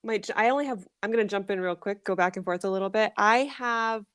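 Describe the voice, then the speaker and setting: A woman's voice: medium pitch, fast talker, a bit bright, no echo, studio quality. A woman hosting a podcast, chatting casually and enthusiastically about books, with frequent restarts. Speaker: podcast host. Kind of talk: casual chat.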